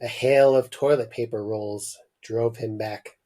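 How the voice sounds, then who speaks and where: Slow, dramatic male story reader. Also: mid-range voice, fairly even intonation, dark tone. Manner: dramatic reading, breaks into laughter. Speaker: podcast host, story reader. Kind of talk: reading a story aloud on a podcast.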